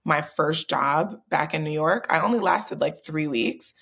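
A woman hosting a podcast, relaxed and conversational, asking long rambling questions. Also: deep voice, measured pace, creaky, slightly rough. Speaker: podcast host. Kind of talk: casual podcast interview.

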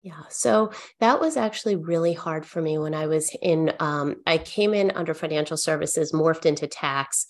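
Woman, middle-aged, accountant, podcast guest, low gravelly voice, acts out dialogue as she tells stories. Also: normal speed, hardly any pauses. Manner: earnest, animated storytelling with quoted dialogue. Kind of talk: conversational podcast interview.

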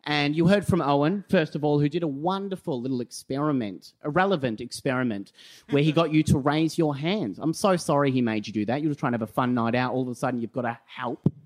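A man's voice: fairly high pitch, quick pace. An Australian man giving a comic debate speech on stage, sounding sarcastic and self-mocking. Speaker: comedy debater. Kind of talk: live stand-up debate speech. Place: live comedy venue stage.

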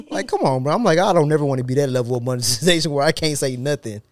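A man's voice: on the high side, lively intonation, rapid-fire, no room sound, clean studio sound. Blunt, joking man on a podcast. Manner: joking, blunt, breaks into laughter. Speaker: podcast co-host. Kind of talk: casual podcast chat.

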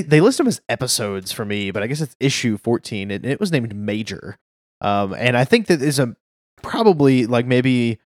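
A man's voice: medium pitch, a little mellow, no echo, studio quality. A man co-hosting a podcast, chatting easily about a comic and laughing along. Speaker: podcast co-host. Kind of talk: casual chat about a comic.

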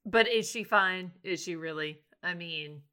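Woman co-host, bright voice, jokey sidekick energy. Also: fairly low pitch, a little slow, clean tone. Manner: wry, jokey interjections. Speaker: podcast co-host. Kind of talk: casual comedic chat.

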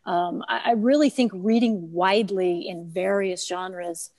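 A woman's voice: medium pitch, steady tone, measured pace, darkish tone. A woman author in a casual chat, speaking thoughtfully and hesitantly. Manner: thoughtful, hesitant, with fillers and restarts.

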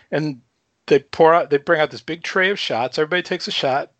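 A man in his fifties from Chicago, guest on a casual talk show, telling a story with lively energy, swearing freely and chuckling between lines. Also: a little high, fairly quick, no room sound. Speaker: podcast guest.

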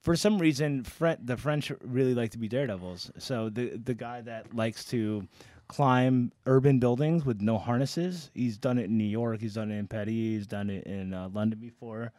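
A man's voice: mid-range voice, moderate pace, dark tone, no echo. A man co-hosting a podcast, bantering with jokes and casual swearing. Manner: joking, profane banter. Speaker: podcast co-host. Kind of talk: casual chat.

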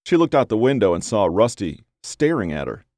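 Low-voiced man narrating a story. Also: very animated, fairly quick, warm tone, dry recording, clean studio sound.

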